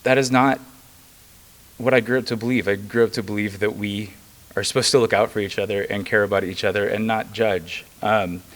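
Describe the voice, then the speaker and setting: Earnest low-voiced man. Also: a bit bright. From rural Missouri. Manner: earnest and emphatic, with occasional fillers. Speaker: state legislator. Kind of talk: press conference statement.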